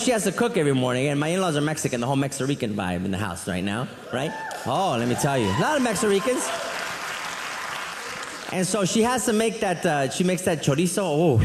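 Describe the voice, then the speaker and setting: Guy doing standup, high voice all over the place, echoey hall w/ a bit of crowd. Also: noisy background. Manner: rambling, animated storytelling with asides. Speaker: stand-up comedian. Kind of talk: stand-up routine.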